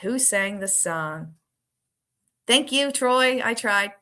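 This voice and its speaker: A woman with a bright, forward voice hosts a relaxed live trivia stream. She talks casually with her viewers, reads the answer options slowly and laughs often. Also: on the high side.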